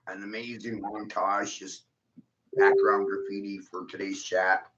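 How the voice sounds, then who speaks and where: A man's voice: lowish voice, level tone, a little slow, fairly bright tone, lo-fi sound, a little hiss or hum. A man ranting angrily in a casual vlog, swearing heavily and jumping between grievances. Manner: angry, swearing, erratic. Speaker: vlogger. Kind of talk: profane rant to camera.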